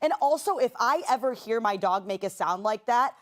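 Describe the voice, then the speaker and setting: A woman in casual chat sounds exasperated and mocking, and swears freely. Her voice sits fairly high and moves around a lot. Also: animated, normal speed.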